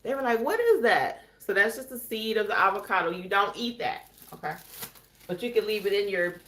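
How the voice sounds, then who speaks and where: A woman's voice: medium pitch, a little fast, bright, forceful tone, slight background noise. Chatty woman vlogging in a roomy kitchen. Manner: chatty, addresses viewers as y'all. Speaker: cooking vlog host. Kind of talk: casual cooking demo chat. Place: home kitchen.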